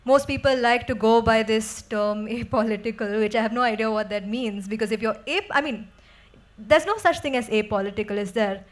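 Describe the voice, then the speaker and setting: A woman's voice: fairly high pitch, a little fast. A young woman with an Indian English accent, speaking as a poet on a festival panel, earnest and thinking aloud as she answers. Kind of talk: panel discussion. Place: festival stage.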